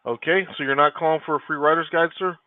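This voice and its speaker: A man's voice: fairly high pitch, fairly even intonation, fast, no echo. A man working as a call center agent, politely answering a caller and calling him sir. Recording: tinny phone line.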